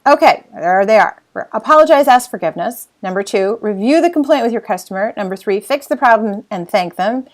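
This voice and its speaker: A woman's voice: mid-range voice, expressive, a little fast. A woman giving a recorded customer service training lecture, emphatic, often repeating herself and acting out example phrases.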